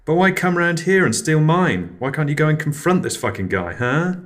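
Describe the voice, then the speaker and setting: A man's voice: mid-range voice, brisk, fairly bright tone, lightly acted. A man voicing an angry, laid-back fellow who drawls, swears and sounds exasperated. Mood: indignant.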